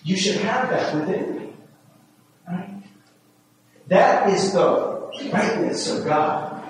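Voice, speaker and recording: A man's voice: high voice, lively intonation, a little hiss or hum. A man preaching a sermon as pastor, talking with the congregation in a conversational way and often asking "right?". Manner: acts out his own inner voice with rising, fast self-talk. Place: church sanctuary. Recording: very echoey hall, voice from far off.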